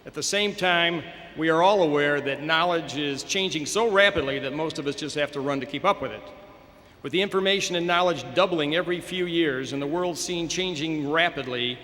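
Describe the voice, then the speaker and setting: Man, 50s, school administrator at a graduation podium; bright, high-ish, encouraging and declamatory, heard with a long hall echo. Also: a little fast. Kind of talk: formal commencement speech. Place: large hall at a graduation ceremony. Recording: echoey hall over a public address system.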